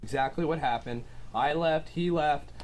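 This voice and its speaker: A man's voice: a little high, normal speed. A man telling his side of a dispute casually, rambling with many fillers. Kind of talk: casual storytelling.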